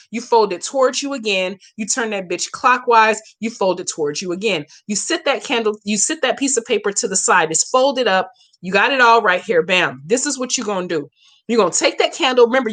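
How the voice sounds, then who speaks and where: A woman's voice: on the high side, fairly bright tone. A woman hosting a live Q&A as a hoodoo practitioner, chatting brashly and profanely with viewers and walking them through a spell step by step. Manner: slangy, emphatic instructions. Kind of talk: casual livestream Q&A and spell tutorial.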